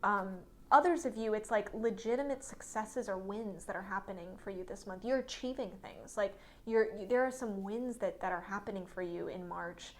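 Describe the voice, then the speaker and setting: A woman's voice: mid-range voice, moderate pace, few pauses. Female tarot reader, solo reading, musing delivery, near-whispered asides, frequent fillers. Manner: many fillers and restarts.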